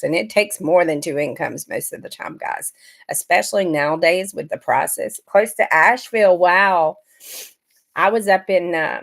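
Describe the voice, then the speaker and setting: A middle-aged woman from Georgia, chatting casually on a livestream and greeting viewers by name. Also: on the low side. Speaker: livestream host.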